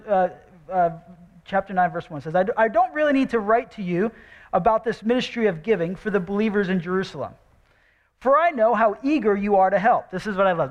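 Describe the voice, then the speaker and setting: High-voiced animated male pastor. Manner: animated, jokey, emphatic with repeated rhetorical questions. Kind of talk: sermon. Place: church sanctuary.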